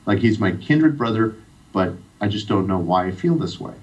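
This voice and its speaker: A man's voice: on the low side, expressive, moderate pace, darkish tone. A middle-aged man from Iran telling a heartfelt personal story as a guest on a radio interview. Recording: distant, dull radio sound.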